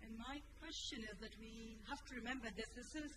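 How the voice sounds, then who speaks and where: A woman from a UN office giving reflective, emphatic remarks from the floor at a conference in a hotel hall, with halting restarts. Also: fairly high pitch. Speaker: audience participant from a UN office. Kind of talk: spontaneous remarks at a launch event. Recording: noisy conference hall ambience.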